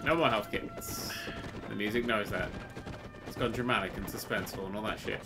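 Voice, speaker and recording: A man giving sweary, excitable commentary while playing a video game, often jumping to shouts. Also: fairly low pitch, a little fast, over music. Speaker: let's play host. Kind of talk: gameplay commentary. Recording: game noise behind the voice. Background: gunfire and game sounds.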